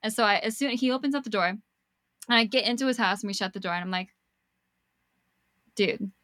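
A young woman telling a personal story in casual chat, animated and swearing freely as she acts out what people said. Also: on the high side, racing, dry recording. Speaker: podcast guest storyteller.

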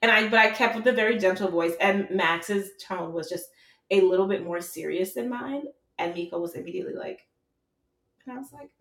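A woman's voice: medium pitch, fairly quick, roomy sound, distant mic. A woman guest, a mother of a toddler, talking in a chatty way with lots of fillers. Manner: chatty, frequent fillers, animated storytelling. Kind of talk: casual chat.

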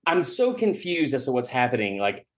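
A man's voice: medium pitch, wildly swooping pitch, normal speed. A man, a podcast guest telling a long story in a rambling, self-mocking, profane way. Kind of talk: storytelling in casual chat.

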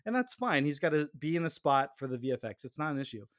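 Chatty man, slightly high voice. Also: big pitch swings, fast talker, no echo, clean studio sound. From United States. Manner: chatty, laughs often, restarts sentences. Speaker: podcast co-host. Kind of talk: casual podcast chat.

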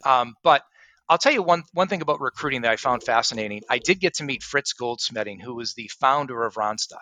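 A middle-aged man talking as a podcast guest, with a bright, forceful voice. He tells animated stories and plays out his own cold-call pitches. The sound is dry and close. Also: a little fast, no echo, poor audio. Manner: animated storyteller who acts out phone pitches. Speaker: guest, sales and recruiting coach. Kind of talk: casual podcast interview.

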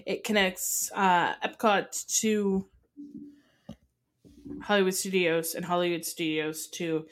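A woman's voice: lowish voice, fairly even intonation, slow. A woman co-hosting a podcast, chatting casually and explaining tips with many fillers. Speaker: podcast co-host. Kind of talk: casual chat.

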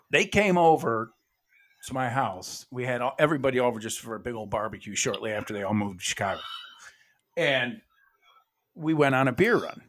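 Podcast co-host, man from the Midwest, swearing storyteller, voice bouncing up and down. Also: medium pitch. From American Midwest. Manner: animated storyteller, swears freely, acts out quotes. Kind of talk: casual storytelling chat.

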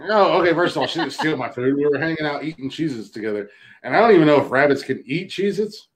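A man's voice: on the high side, animated, fast. A middle-aged man co-hosting a casual podcast, boastful and profane, joking and laughing often. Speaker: podcast co-host.

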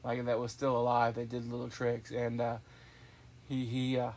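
A man's voice: mid-range voice, completely flat delivery, moderate pace, darkish tone. A man hosting a podcast in casual chat, rambling and enthusiastic with lots of restarts. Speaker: podcast host.

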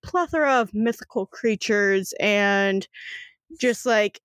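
A woman's voice: medium pitch, slow, fairly bright tone, no echo. Rambling woman game master, dry sound. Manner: rambling, many fillers. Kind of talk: narrating a tabletop game.

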